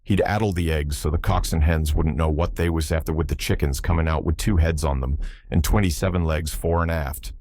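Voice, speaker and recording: A man voicing a superstitious old sailor with an Irish accent, telling a tale in a lilting, animated way. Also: rumbling low, fairly quick, dry recording, studio quality. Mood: storytelling. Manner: yarn-spinning, lilting, animated.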